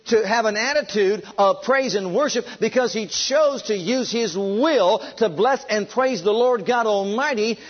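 A man preaching a sermon with fervent, drawn-out emphasis, leading his congregation to repeat after him. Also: very high-pitched, muffled recording. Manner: leads the congregation in call and response.

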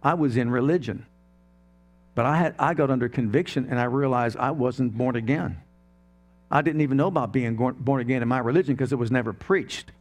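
A man's voice: mid-range voice, brisk. A middle-aged male pastor preaching a sermon emphatically, firing off rhetorical questions to the congregation.

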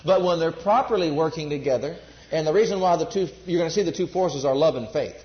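Emphatic preacher in a roomy hall. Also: male voice, a little high, fast. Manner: emphatic, repeats phrases, asks the audience questions. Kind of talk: sermon. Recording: roomy, dull lo-fi sermon recording.

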